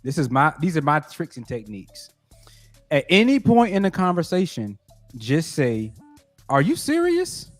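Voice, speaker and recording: A man's voice: on the high side, very animated, moderate pace, faint music behind. A man co-hosting a casual podcast chat, giving mock-earnest advice in a joking, profane way. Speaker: co-host.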